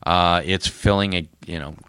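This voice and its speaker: Brief: low-voiced male host, bright and forceful, enthusiastic and rambling, dry close sound. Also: steady tone, normal speed, clear, resonant tone, no echo. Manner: enthusiastic, rambling, with frequent fillers. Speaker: podcast host. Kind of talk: casual comic book chat. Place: comic book store.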